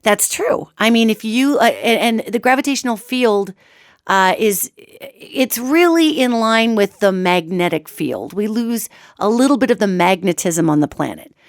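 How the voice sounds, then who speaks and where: Animated, chatty woman podcast host. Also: unhurried, no room sound, clean studio sound. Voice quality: soprano voice, lower than usual after voice loss. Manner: animated, chatty, digressive, playful. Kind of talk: casual spiritual radio talk.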